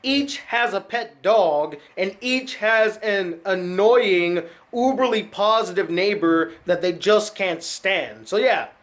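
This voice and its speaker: Male film critic, high voice, sarcastic ranting delivery, casual review host. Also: a bit bright.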